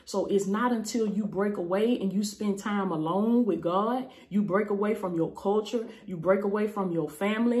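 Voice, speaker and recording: A woman's voice: mid-range voice, warm tone. A woman preaching an online sermon, fervent and repetitive, calling her listeners baby. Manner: fervent, repeats phrases, calls listeners baby. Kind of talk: YouTube sermon.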